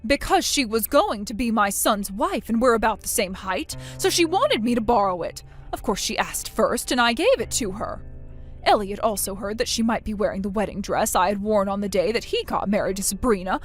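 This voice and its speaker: A woman's voice: medium pitch, animated, fairly quick, soft background music, voice pushed down, natural voice. A woman voicing a stern middle-aged mother in a texting story, cold and contemptuous as she scolds her daughter. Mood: wistful.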